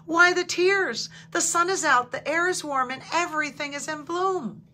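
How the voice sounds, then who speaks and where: A chirpy, friendly little male sparrow from a storybook, as a woman reader puts him on. His voice jumps up high and bright, loud and slowly drawn out. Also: slight background noise. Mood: cheerful.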